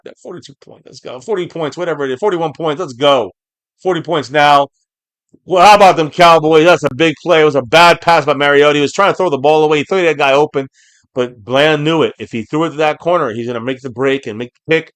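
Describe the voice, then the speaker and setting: A man hosting a live game reaction stream, calling plays, reading viewer comments aloud, and erupting into shouts on big plays. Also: fairly high pitch, fast talker, no echo, studio quality.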